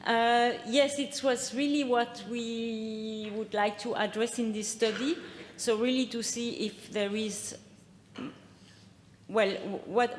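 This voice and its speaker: A woman's voice: mid-range voice, slight background noise. Woman presenting in a reverberant hall. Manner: hesitant, many fillers and restarts. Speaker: conference speaker. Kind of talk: academic presentation and Q&A answers. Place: conference hall.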